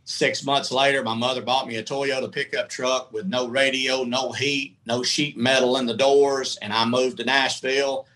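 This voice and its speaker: A man's voice: medium pitch, level tone, normal speed, hardly any pauses, pushed and bright, low-quality recording. A middle-aged man, a guest telling his life story in a folksy, candid, rambling way. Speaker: guest, country singer. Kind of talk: casual storytelling.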